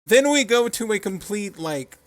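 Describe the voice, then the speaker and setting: Casual male podcast co-host: a bit high-pitched, profane, giggly and rambling, recorded dry and close. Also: animated, moderate pace, no room sound. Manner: rambling and profane, laughs often, heavy use of "like". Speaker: podcast co-host reviewing wrestling. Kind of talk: casual chat.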